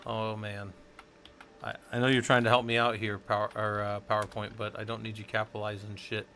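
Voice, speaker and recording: A man with a somewhat low voice runs an informal teaching session, talking his thoughts through as he goes. He is casual and a little salty, and faint keyboard typing sits behind him. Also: little pitch movement, fairly quick, a bit bright, slight background noise. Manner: thinks aloud, loose and informal, swears casually. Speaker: instructor leading a study session.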